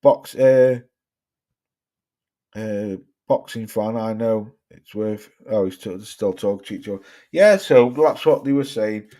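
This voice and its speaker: A man's voice: lowish voice, unhurried, mellow. A middle-aged man hosting a boxing livestream, ranting casually and swearing with exasperation as he reads out viewer comments. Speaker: boxing channel host.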